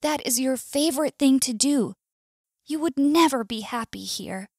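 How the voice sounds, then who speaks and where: Storybook male bird, eager and loving, high lively voice, American accent, read by a woman. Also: normal speed, no room sound, studio quality. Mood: sad. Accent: US English.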